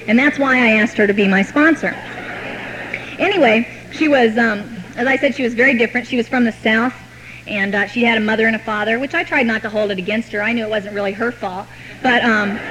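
A woman telling her own recovery story to a meeting, with wry, deadpan humor. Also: fairly high pitch, a little fast, slight background noise, poor audio. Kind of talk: personal recovery story told to an audience.

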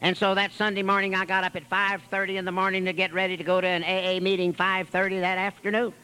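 A man's voice: high voice, completely flat delivery, fast talker, bright, forceful tone, clear, resonant tone, poor audio. A man speaking at a recovery meeting, telling his story in a folksy, wry way with long piled-up lists. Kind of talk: storytelling testimony.

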